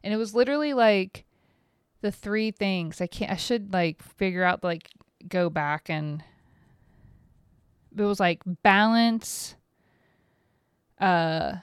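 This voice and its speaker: A middle-aged woman hosting a podcast alone, rambling and self-mocking in casual talk, swearing freely, recorded on a close mic in a quiet room at home. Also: mid-range voice, slow, pauses often, clear, resonant tone, no echo. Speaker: podcast host. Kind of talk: casual solo podcast monologue.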